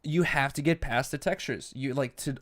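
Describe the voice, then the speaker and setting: A young man talks loosely on a casual podcast, drifting from story to story in a relaxed ramble. He swears often and keeps an easygoing, mid-range voice throughout. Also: medium pitch, normal speed. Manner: rambling, laid-back, swears a lot. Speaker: podcast co-host. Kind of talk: casual chat.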